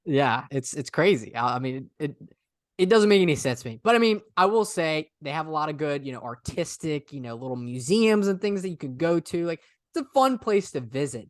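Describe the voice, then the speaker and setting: A man's voice: fairly high pitch, no room sound, clean studio sound. A young man co-hosting a casual podcast, rambling with lots of "I mean" and "literally". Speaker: podcast co-host. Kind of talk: casual chat.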